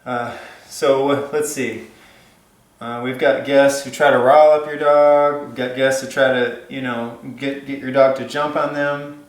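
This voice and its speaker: A man talks casually about raising a puppy, circling back with lots of "you know" and "like." His voice is mid-pitched and comes through in a noticeably echoey room. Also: flat delivery, a little slow. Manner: rambling, many fillers and restarts. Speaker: dog trainer. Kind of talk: casual advice vlog.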